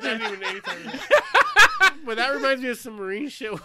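A former Marine telling profane barracks stories in casual chat, laughing often. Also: male voice, very high-pitched, fairly quick, heavy background noise.

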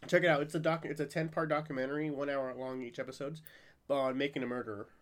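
A man's voice: mid-range voice, steady tone, fast talker. A man hosting a podcast in casual chat, rambling and profane, laughing often. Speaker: podcast host.

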